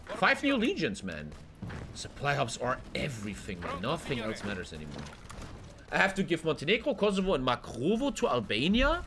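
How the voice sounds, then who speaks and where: A man giving casual, excitable gameplay commentary while he plays, swearing often and swinging between loud outbursts and low mutters. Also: moderate pace, background noise. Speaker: gaming streamer.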